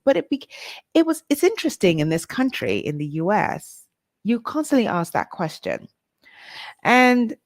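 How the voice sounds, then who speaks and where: A middle-aged Nigerian woman hosts a vlog, speaking candidly and directly to her listeners in a reflective personal monologue. Her voice is on the low side, and the clean studio recording has no room sound.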